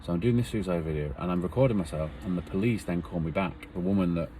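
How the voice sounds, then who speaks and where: A man's voice: low-pitched, fast talker, warm tone, slight background noise. A man earnestly retelling a painful personal story in a rambling, emotional way.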